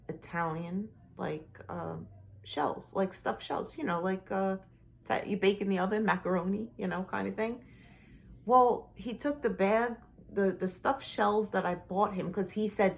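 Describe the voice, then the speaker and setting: A woman vlogger recounts a personal story in a casual, rambling way, packed with fillers and restarts. She is mostly soft and low-key, speaking at a measured pace with vocal fry.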